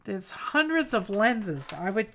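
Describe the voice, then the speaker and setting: A woman's voice: mid-range voice, sing-song, takes it slowly, fairly bright tone, slight background noise. A woman hosting a craft livestream, chatting casually and cooing over mail she opens, a little tired. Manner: cooing and chatty, greets viewers by name. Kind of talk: casual chat opening mail.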